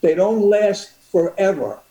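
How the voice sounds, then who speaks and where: An older man speaking as a guest on a broadcast interview, earnest and halting, with many restarts. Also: high-pitched, expressive, dark tone. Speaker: guest, boxing manager. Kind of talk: reflective interview talk. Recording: roomy echo.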